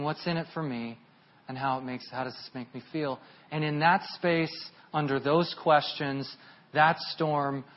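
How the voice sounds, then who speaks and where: A man in his thirties preaching a sermon. His husky, rather high voice tells a personal story in an earnest, confessional way. The recording sounds dull and lo-fi. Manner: earnest, confessional, swells louder and higher at emotional peaks.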